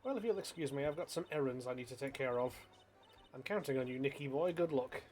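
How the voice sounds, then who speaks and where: A man's voice: mid-range voice, lively intonation, fast, darkish tone, soft background music, close to an everyday voice. A man voicing a sweet, doting woman in a video game who speaks in a cooing tone. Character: sugary, doting young woman.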